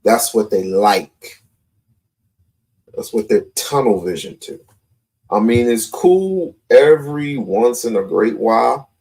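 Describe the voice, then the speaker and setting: A man's voice: mid-range voice, animated, takes it slowly, gravelly, darkish tone. A man hosting a live call-in stream, talking confrontationally and repeating his points. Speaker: livestream host.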